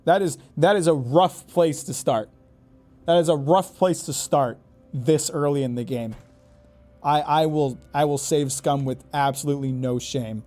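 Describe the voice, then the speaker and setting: A man with a high voice talks through a game in casual, exasperated commentary. He swears freely and stumbles over repeated words as he reacts. Faint music plays behind him. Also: a little slow, mellow. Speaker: gaming YouTuber.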